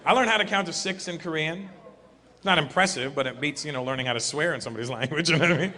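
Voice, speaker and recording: High-voiced stand-up comedian. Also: male voice, quick pace. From Canada. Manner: loud, animated, jumps into mocking voices. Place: large live comedy venue. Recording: echoey live hall recording with crowd noise.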